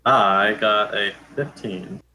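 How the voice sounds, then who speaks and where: A man playing a tabletop game with friends, eager and excitable in casual chat. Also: fairly low pitch, slow, slight background noise, poor audio. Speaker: player.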